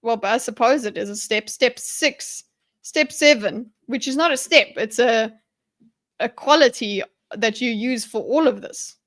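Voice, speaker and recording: On a live stream, a woman with a rather high, fairly bright voice thinks aloud while working through a mind map. She chats with viewers, rambles, keeps interrupting and restarting her own sentences, and laughs quickly now and then.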